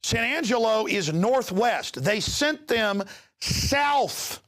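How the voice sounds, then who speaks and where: Agitated ranting man, gravelly and animated. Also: high-pitched, normal speed. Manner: agitated, ranting, repeats words when excited. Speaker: host. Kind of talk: heated news commentary.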